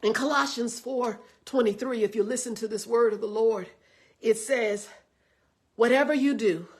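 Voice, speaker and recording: A woman pastor preaching fervently to a live-stream audience, greeting viewers by name and stumbling into quick repeated restarts. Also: fairly high pitch. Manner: fervent, direct address to viewers, stammered restarts. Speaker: pastor and online show host.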